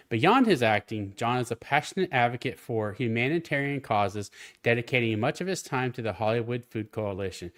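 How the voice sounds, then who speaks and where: A man hosting a casual interview, chatty and quick to laugh, with halting phrasing. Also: medium pitch. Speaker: host.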